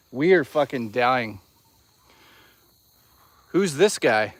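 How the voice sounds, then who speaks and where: A man's voice: a little high, wildly swooping pitch, slow, long pauses, fairly bright tone, no echo. A man hosting a casual livestream outdoors on a hike, rambling and swearing as he chats with viewers. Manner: rambling, profane, chatty with viewers. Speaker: livestream host.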